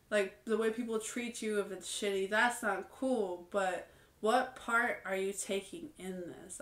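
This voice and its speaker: Earnest young woman in a roomy space. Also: mid-range voice. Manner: candid and earnest, many fillers like "like" and "um". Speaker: vlogger. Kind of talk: casual reflective monologue. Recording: roomy echo.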